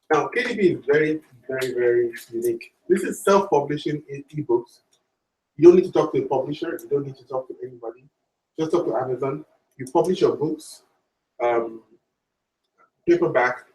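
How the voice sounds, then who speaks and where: A man walks a room through his topic one step at a time, repeating his key points and adding small asides. He stands well away from the microphone, and the room carries a clear echo around his mid-pitched voice. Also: a little mellow. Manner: plainly explains things step by step, with asides and repetition. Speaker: presenter of the session. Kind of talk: explanatory presentation. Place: church meeting room. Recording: echoey room, voice far from mic.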